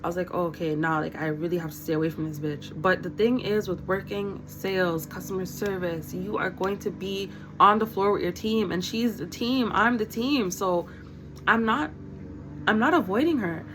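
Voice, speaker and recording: A young woman telling a workplace story in a blunt, animated way, swearing freely and quoting coworkers. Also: medium pitch, moderate pace, noisy background. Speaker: vlogger. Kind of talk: casual storytime.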